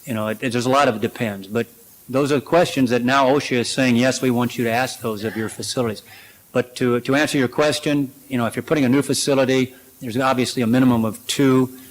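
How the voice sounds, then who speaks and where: Man, conference speaker, audience Q&A, conversational, middle pitch. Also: steady tone, quick pace, low-quality recording. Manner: practical, conversational, many fillers. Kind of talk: presentation and Q&A.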